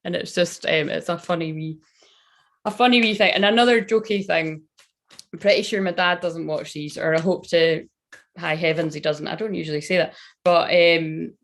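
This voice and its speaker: A woman's voice: fairly low pitch, moderate pace. A young Scottish woman doing a tarot reading on a casual livestream, chatty, rambling and swearing now and then. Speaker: tarot reader.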